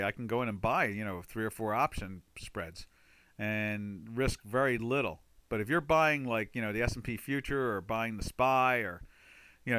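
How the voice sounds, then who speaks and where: Chatty bright-voiced man hosting a webinar. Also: medium pitch, dry recording. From United States. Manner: chatty, rambling, exclaims loudly in frustration. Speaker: trading webinar host. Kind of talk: casual live webinar talk.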